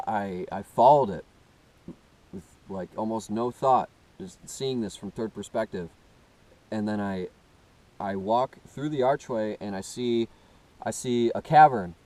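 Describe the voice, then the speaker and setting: A man earnestly telling a first-person story, halting and often restarting as he searches for words. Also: medium pitch, darkish tone, low-quality recording. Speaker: personal testimony speaker.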